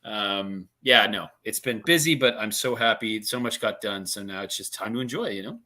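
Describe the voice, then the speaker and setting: A man co-hosting a livestream, chiming in with quick quips and talking with stumbling restarts. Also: lowish voice, pushed and bright. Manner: quippy, interjecting, stumbling restarts. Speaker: podcast co-host. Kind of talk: casual livestream chat.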